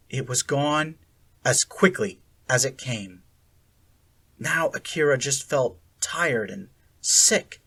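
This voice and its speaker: A reader narrating a fan fiction chapter in a measured storytelling voice. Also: mid-range voice, lively intonation, vocal fry, fairly bright tone, husky.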